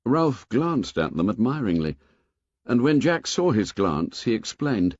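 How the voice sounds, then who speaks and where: A man narrating an audiobook in a lively, expressive storytelling manner. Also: medium pitch, a little slow, dry recording, dull audio. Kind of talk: scripted narration.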